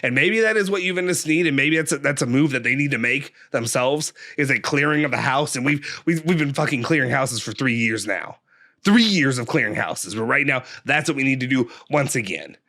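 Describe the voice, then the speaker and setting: A man's voice: mid-range voice, expressive, fairly quick, bright, forceful tone. A man hosting a football fan channel, giving a frustrated, angry match reaction rant full of rhetorical questions.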